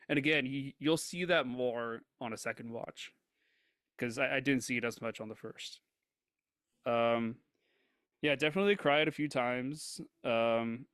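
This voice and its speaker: A man's voice: mid-range voice, a bit bright, clear, resonant tone, dry recording, clean studio sound. A man co-hosting a movie review podcast, giving his earnest opinion with frequent hesitations. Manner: earnest, hesitant, lots of ums and likes. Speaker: podcast co-host. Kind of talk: casual movie review chat.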